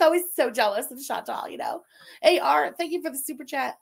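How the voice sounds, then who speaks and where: A woman's voice: high voice, sing-song, moderate pace, gravelly. A woman streamer giving crude, sarcastic reaction commentary and thanking viewers.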